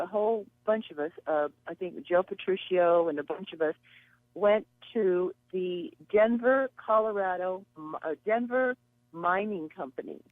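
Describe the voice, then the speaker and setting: A woman's voice: on the low side, no room sound. A woman guest on a radio show telling long, chatty stories and acting out the voices of people she quotes. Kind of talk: casual storytelling. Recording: tinny phone line.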